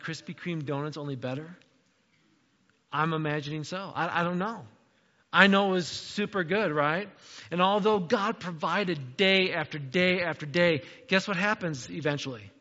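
A man's voice: on the high side, normal speed, sharp tone, big-room sound, dull audio. A man preaching a sermon in a conversational, playful way, acting out the quotes. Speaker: pastor.

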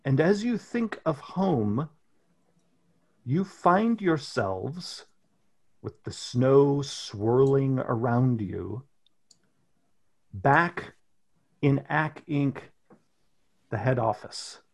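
A man running a tabletop role-playing session, narrating scenes slowly and deliberately. His voice has a husky, slightly breathy edge, and he lets every detail land. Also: mid-range voice, animated, darkish tone. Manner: slow, deliberate scene-setting. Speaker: game master.

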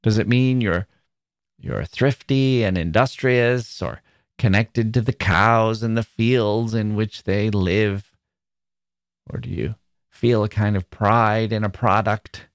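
Guy from wisconsin hosting a podcast, thinking out loud, wry, pretty dry close sound. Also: fairly low pitch, fairly even intonation, takes it slowly, no echo. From Wisconsin, USA. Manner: thoughtful, wry, with small self-corrections. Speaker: podcast host. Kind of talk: reflective spoken essay.

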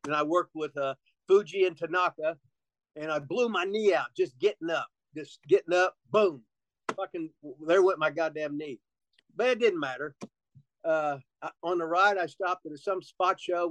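A man's voice: a little high, dry recording, poor audio. A man telling rambling, profane stories as a guest in a casual interview, laughing often.

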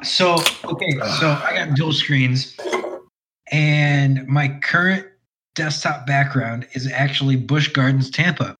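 A man co-hosting a casual podcast chat over drinks, joking and teasing with quick questions. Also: mid-range voice, bright, forceful tone, breathy edge, poor audio. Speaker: podcast co-host.

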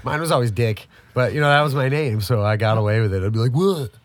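A man's voice: mid-range voice, fast, no room sound. A married man co-hosting a casual chat, rambling and laughing as he talks, swearing now and then. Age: adult, married. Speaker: podcast co-host.

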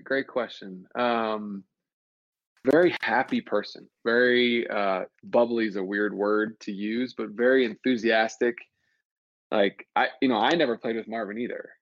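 Earnest low-voiced man, muffled sound. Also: no echo. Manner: earnest, reflective, many restarts. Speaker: podcast guest, former player. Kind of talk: casual chat.

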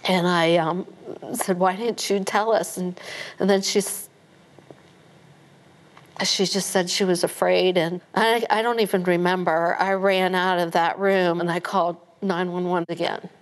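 Halting middle-aged woman, low voice. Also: fairly even intonation. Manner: halting, with many restarts. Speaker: interview guest. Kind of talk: emotional recounting in a TV interview.

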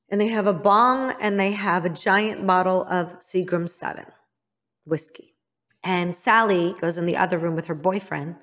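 A woman from Illinois telling her own story as an interview guest, frank and emphatic, dropping to a hushed voice for the painful memories. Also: medium pitch. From Illinois, United States. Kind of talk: candid personal storytelling.

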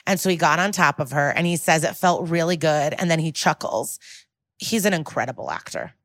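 Podcast co-host, woman, lower register, dry close mic, chatty animated recap style. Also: a little fast, no echo. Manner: animated retelling with acted quotes and casual swearing; frequent fillers like "like" and "um". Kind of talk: casual episode recap.

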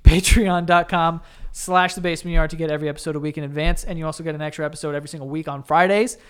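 A man's voice: a little high, steady tone, very fast, smooth. A man co-hosting a podcast in casual chat, teasing his partner and often stammering over his words. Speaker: podcast co-host.

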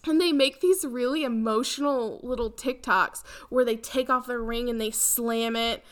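A young woman chats casually as a podcast co-host. Her voice sits a little high. She rambles, leans on fillers, and laughs often. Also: normal speed. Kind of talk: casual chat.

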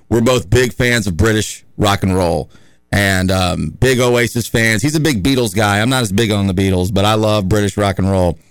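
A man's voice: on the low side, smooth, no echo. A man hosting a talk radio show in a studio, chatting casually and rambling, with many fillers and restarts.

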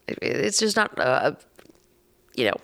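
A woman telling a story in casual podcast chat. She is animated, laughs often and acts out the voices of people she quotes. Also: low voice, unhurried, vocal fry.

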